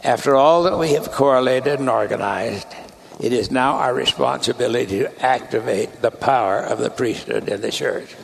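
Man, church leader, sermon, measured cadence, gravelly, mid pitch. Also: slight background noise.

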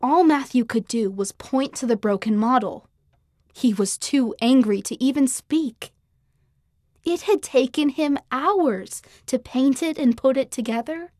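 A woman reads a children's story aloud, shaping each scene with clear, expressive storytelling. Her voice sits a little high, and the studio sound is dry and close. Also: unhurried, dry recording. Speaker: narrator. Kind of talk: scripted children's story narration.

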